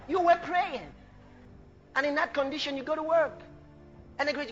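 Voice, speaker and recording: High, bright-voiced shouting preacher man. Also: normal speed, pauses often, dull audio, faint music behind. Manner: animated, bursts into shouts of hallelujah, laughs mid-sentence. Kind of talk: sermon.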